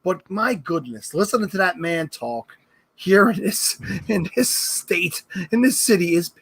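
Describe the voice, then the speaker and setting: A man with a New York accent talks in casual, joking podcast chat as a guest. His voice sits a bit high, and he teases the hosts freely. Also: lively intonation, a little slow, creaky, fairly bright tone, slightly rough. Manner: joking, teasing, self-promoting.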